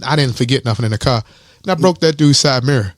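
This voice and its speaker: A man's voice: mid-range voice, fast, no echo. A man co-hosting a podcast, telling a story in casual chat, laughing, teasing and swearing freely. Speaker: podcast co-host.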